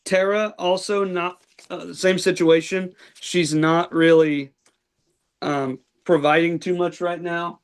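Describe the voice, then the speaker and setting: A man hosting a casual podcast chat, talking in a relaxed way with frequent restarts and fillers. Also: high-pitched, takes it slowly, clear, resonant tone. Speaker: podcast host.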